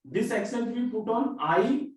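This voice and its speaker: A man teaching a French class, explaining slowly and repeating each example word. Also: very high-pitched, lively intonation, a little mellow. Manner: slow, repetitive explaining with drawn-out example words. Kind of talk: classroom lesson. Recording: echoey classroom, far from mic.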